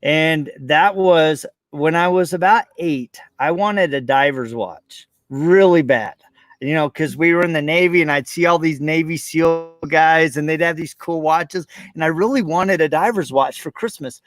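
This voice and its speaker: High-voiced man telling a heartfelt story. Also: a little slow, dry recording. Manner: animated storyteller, reenacts childhood moments with rising emotion. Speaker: podcast host. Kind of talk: conversational interview, personal storytelling.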